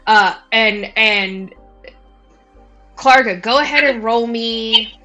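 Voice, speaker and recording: Slow, casual woman game master. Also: on the high side, sharp tone, faint music behind. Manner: casual, rambling, lots of likes. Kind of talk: narrating a tabletop game.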